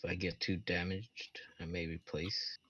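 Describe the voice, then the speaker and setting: A man's voice: low-pitched, moderate pace, muffled recording, a little hiss or hum. A man playing a terse stoic warforged construct. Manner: terse, flat, clipped answers.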